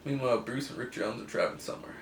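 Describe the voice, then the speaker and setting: A man's voice: medium pitch, fairly even intonation, fast. A man casually talking through a comic book story, rambling, laughing often and correcting himself. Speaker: comic book video host. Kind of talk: casual comic review chat. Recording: echoey room, faint hiss.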